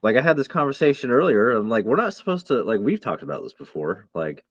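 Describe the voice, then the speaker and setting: A man co-hosting a podcast in casual, profane, rambling chat that turns excitable. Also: medium pitch, fast talker, no room sound. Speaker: podcast co-host. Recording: dull lo-fi dry sound.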